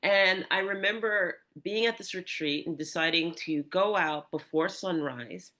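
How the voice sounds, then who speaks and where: A podcast host telling a personal story in casual conversation, animated, with frequent restarts and asides. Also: medium pitch, unhurried.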